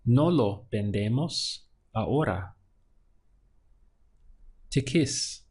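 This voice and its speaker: Slow, patient male Spanish teacher. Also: mid-range voice, lively intonation, darkish tone, husky. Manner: slow, patient drilling, stretching words to show the stress. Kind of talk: language lesson.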